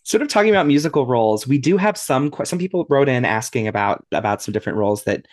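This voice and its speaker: A man hosting a podcast in a casual interview chat, expressive and reading out listener questions. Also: medium pitch, quick pace. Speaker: podcast host.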